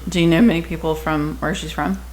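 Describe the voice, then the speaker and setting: A woman co-hosting a casual podcast with a somewhat low voice. She is blunt and teasing and drops a swear word here and there. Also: fairly even intonation, fairly quick, darkish tone. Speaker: podcast co-host. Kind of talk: casual chat.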